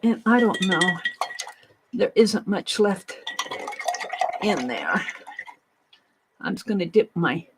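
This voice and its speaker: A woman hosting an art journaling stream, chatting casually to herself and viewers as she paints, with soft murmured asides. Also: mid-range voice, expressive, takes it slowly, long pauses, background noise. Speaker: art journaling livestream host. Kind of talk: casual crafting narration.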